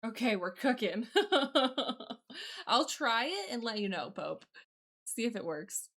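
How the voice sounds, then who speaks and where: A young woman streams live in an easygoing, unhurried way, her voice high and light. She laughs a lot and pokes fun at herself as she chats. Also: big pitch swings, a bit bright. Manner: giggly, self-deprecating, chatty. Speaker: live streamer learning to code. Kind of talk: casual chat.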